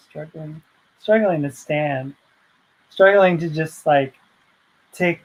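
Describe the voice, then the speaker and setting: A woman's voice: sits low, dull audio. A woman vlogger telling a personal story in a heartfelt, rambling way, full of fillers and restarts.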